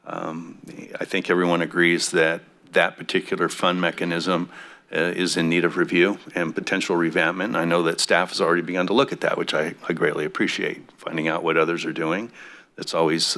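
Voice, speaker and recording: Low, bright-toned council member, halting. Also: male voice, level tone. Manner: halting, many fillers and restarts. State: throaty coffee voice. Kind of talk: council meeting remarks.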